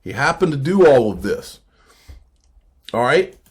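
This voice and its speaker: A man hosting a crypto investing channel, giving casual emphatic commentary and repeating points slowly for effect. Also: medium pitch, sing-song, slightly rough. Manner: addresses viewers as folks, frequent okay. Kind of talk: casual commentary on screen posts.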